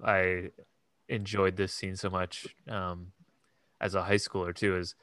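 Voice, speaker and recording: Low, bright-toned man chatting hesitantly. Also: level tone, measured pace, dry recording, studio quality. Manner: hesitant, many fillers and restarts. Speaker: podcast co-host. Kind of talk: casual film chat.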